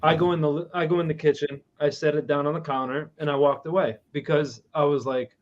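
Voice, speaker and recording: A man's voice: on the high side, a little fast, muffled recording, slight background noise. A man telling a personal story in a casual online talk show and acting out the quotes as he goes. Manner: animated storyteller, acts out quotes.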